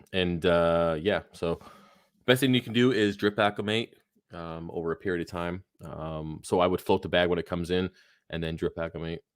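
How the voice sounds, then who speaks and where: Reading questions from chat on his aquarium livestream, a tired host yawns and clears a phlegmy throat as he rambles casually, swearing freely and using many fillers. His low voice stays fairly even at normal speed, recorded with clean studio sound and no echo.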